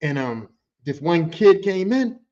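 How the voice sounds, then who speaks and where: A man's voice: a little high, big pitch swings, slow pace, a little mellow, muffled recording. A man telling rowdy work stories on a podcast, casual and profane, often breaking into quoted voices. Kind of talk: casual storytelling.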